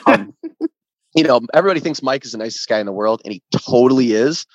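A man guest telling a story on a podcast, animated, swearing freely and acting out what others said. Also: mid-range voice, a little fast, no echo. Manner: animated, acts out quoted voices, swears freely. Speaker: band member guest. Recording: dull lo-fi dry sound.

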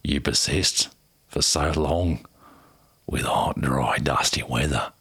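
A man's voice: bright, forceful tone, full character voice. A man putting on a drawling outback Aussie bloke. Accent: exaggerated put-on Australian. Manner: slow dragged-out drawl, low and gravelly. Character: outback wildlife manager man, laid-back drawl.

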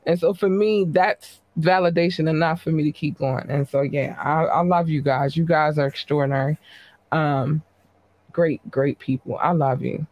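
A woman podcast host giving casual live-stream shout-outs to her listeners, talking in a slangy, blunt, chatty way. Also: deep voice, steady tone, moderate pace, dry recording, dull audio.

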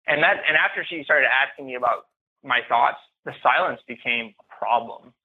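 A man telling his own story as a podcast guest, speaking haltingly and often repeating or restarting phrases. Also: mid-range voice, slightly rough. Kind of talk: personal story in interview. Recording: tinny phone-like line.

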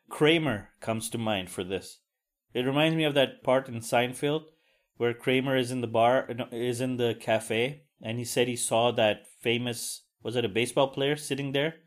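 A man hosting a solo podcast, talking casually with frequent swearing and self-deprecating asides. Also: medium pitch. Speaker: podcast host.

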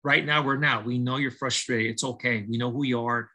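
Heard through poor audio, a mid-range male voice moves at a brisk clip. The speaker, a middle-aged baseball coach on a podcast, tells his life story like testimony, animatedly performing the dialogue and frequently starting sentences over.

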